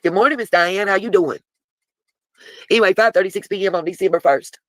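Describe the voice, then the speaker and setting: A woman's voice: mid-range voice, brisk, no room sound, low-quality recording. A woman hosting a casual live stream, reading text messages aloud and talking back to her chat in a blunt, cussing way. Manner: blunt, swears freely; chatty, talks back to viewers in chat.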